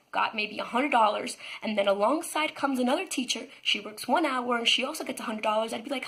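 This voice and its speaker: A woman's voice: a little high, moderate pace, vocal fry, sharp tone, poor audio. Earnest woman sharing a faith lesson. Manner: earnest, enthusiastic, acts out quotes. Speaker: vlogger and teacher. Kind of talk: casual devotional vlog talk.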